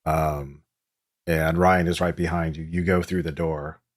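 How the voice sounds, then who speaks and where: GM, male, very deep voice, hesitant, moody narration of a tabletop game. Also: little pitch movement. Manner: halting, many ums, slow and atmospheric. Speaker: game master.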